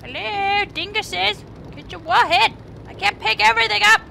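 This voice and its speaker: High, excitable female gamer. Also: normal speed, vocal fry, a little hiss or hum. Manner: excitable, giggly, playfully trash-talking. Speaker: gaming streamer. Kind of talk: casual gameplay commentary. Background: game music.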